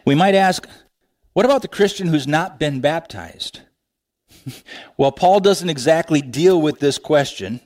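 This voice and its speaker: A man preaching a sermon, animated, laughing often and asking rhetorical questions. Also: mid-range voice. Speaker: pastor.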